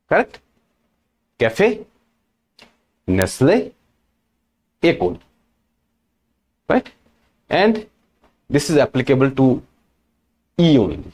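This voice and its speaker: A man gives a deliberate, unhurried language lesson, his pitch rising and falling widely as he stresses each example. He keeps checking in with short questions and drags out key words for emphasis. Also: darkish tone. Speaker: French teacher. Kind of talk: slow explanatory lesson.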